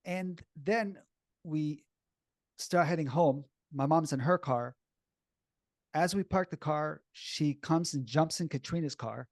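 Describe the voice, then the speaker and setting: A man telling a personal story in a blunt, animated, casual way, swearing freely and sounding shaky and upset as he recalls it. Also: fairly high pitch, slow, dry recording, clean studio sound.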